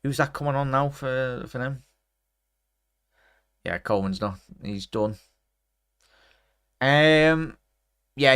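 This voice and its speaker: Scouse streamer in his thirties, smooth voice, dry close mic, chatty football reactions. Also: medium pitch, no echo. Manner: chatty, bursts into excited shouts at chances; talks straight to his chat. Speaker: watchalong streamer. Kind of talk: live football watchalong commentary.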